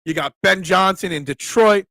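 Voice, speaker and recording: A man's voice: high voice, normal speed, dry recording, clean studio sound. A man hosting a casual sports talk live stream, reading viewer comments aloud and answering them with emphatic opinions. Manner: animated, emphatic, reads chat aloud.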